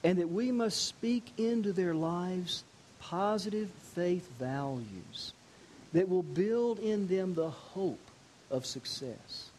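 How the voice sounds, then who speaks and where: An older male pastor delivers a sermon in a slightly high voice, moving from hushed, personal storytelling to slow, emphatic declarations. A faint hiss sits under the recording. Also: expressive, rough recording. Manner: storytelling preacher, shifting between quiet intimacy and emphatic declarations.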